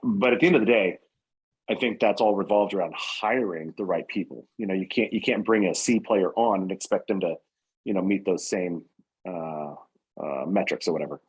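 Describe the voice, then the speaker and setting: Low, husky-voiced man in an interview. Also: moderate pace, poor audio. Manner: earnest, rambling with many fillers and restarts. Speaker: painting company owner, guest. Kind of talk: casual podcast interview.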